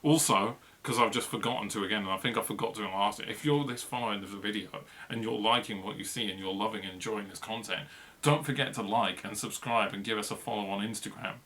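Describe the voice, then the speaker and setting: A man's voice: on the low side, fast, pushed and bright. A man co-hosting a football review podcast, chatting casually and rambling with lots of fillers and laughs. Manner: rambling, filler-heavy, laughs mid-sentence.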